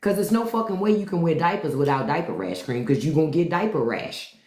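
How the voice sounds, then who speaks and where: A podcast host on a live stream rants bluntly and profanely, mocking the people in her chat. Her voice sits low and is a little mellow, delivered in an animated, brisk way. The room is echoey.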